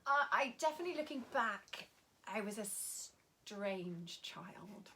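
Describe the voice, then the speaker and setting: A woman's voice: mid-range voice, lively intonation, a little slow. A young woman performing comic songs and chatting between them in a breezy, self-mocking way, with piano behind her. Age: young adult. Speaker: comedy singer and performer. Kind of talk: comic songs and stage chat. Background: piano accompaniment.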